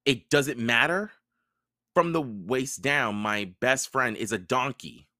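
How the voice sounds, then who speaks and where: A man's voice: medium pitch, slow pace, pushed and bright, no echo, clean studio sound. A man voicing a confused teenage boy who keeps firing off incredulous questions. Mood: bewildered.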